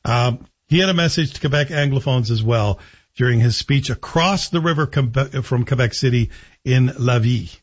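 A man's voice: mid-range voice, moderate pace, breathy edge. A man hosting a talk radio show, giving opinionated commentary with sarcastic, joking asides. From Canada. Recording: dull lo-fi broadcast audio.

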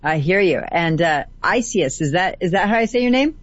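A woman appearing as a guest on a call-in radio show who gives gentle advice and often repeats words for emphasis. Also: fairly low pitch, expressive, brisk, dry recording. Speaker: guest healer. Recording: dry, slightly dull audio.

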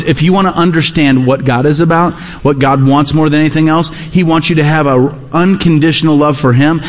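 A man's voice: a little high, long reverb tail. A man preaching a sermon as pastor, emphatic and repeating his key phrases.

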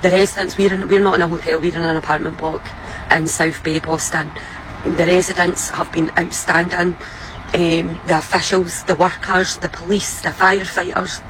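Scottish woman, heartfelt flat delivery. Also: fairly low pitch, moderate pace, a little hiss or hum, low-quality recording. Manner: heartfelt and grateful. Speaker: visitor giving a message in a clip. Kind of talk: heartfelt spoken message.

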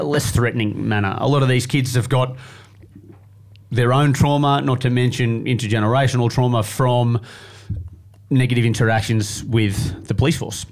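A man, chatting as a guest. He tells his stories with energy and acts out the people he quotes along the way. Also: mid-range voice. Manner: animated storyteller, acts out quoted voices. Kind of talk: casual chat.

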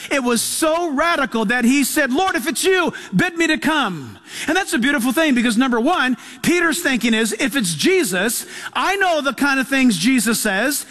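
A man's voice: very high-pitched, expressive, moderate pace, a bit bright. A man preaching a sermon as pastor, reading scripture aloud and driving his points home with emphasis. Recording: long hall reverb.

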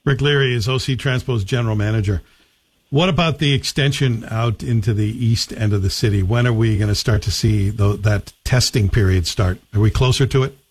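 A man's voice: lowish voice, a little fast, breathy edge. A man hosting a radio talk show, asking direct questions in a conversational way. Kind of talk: radio interview and live read ad.

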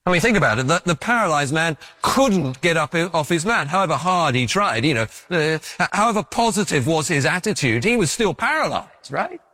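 A man preaches in a loose, conversational sermon style, and his fairly high voice rises and falls a great deal. He slips into the stories he tells and acts them out. The sound is close and dry. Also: a little fast, hardly any pauses, no room sound. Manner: conversational and animated, acting out stories.

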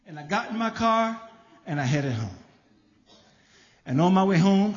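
High-voiced, animated New storyteller, live stage in a reverberant hall. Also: male voice, moderate pace, pauses often, lo-fi sound. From the Bronx, New York. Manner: animated, shouting in quotes, laughing through lines. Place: theater stage.

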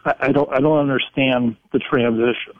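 A male caller asks a long question over the phone, stopping and restarting as he searches for words. His pitch is in the middle range. The sound is dry and thin, like a phone line. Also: steady tone, moderate pace, no echo. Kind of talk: call-in radio question.

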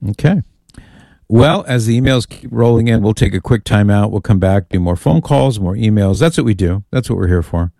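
A man's voice: fairly low pitch, expressive, a little fast, vocal fry, dark tone, dry recording, studio quality. A man hosting a radio call-in show, trading folksy jokes with callers and his co-host in casual on-air banter. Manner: folksy, joking, takes calls and chats with his co-host. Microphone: studio microphone.

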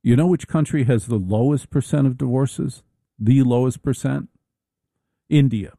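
A middle-aged man delivering a wry, rambling comedic monologue, full of halting restarts. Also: mid-range voice, creaky, dark tone, no echo.

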